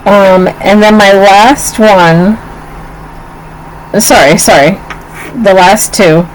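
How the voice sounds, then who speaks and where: A woman's voice: mid-range voice, takes it slowly, a little hiss or hum, rough recording. A woman in her forties co-hosting a casual chat, telling stories and acting out what others said. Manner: animated storyteller, acts out quotes. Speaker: podcast co-host.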